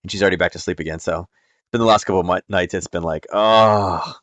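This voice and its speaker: Male stream host, deeper voice, relaxed chart lesson full of ums and "right?", dead-dry mic. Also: rapid-fire, no room sound, dull audio. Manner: chatty, explains step by step with frequent ums and "right?". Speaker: trading educator hosting a nightly stream. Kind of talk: casual live-streamed chart walkthrough.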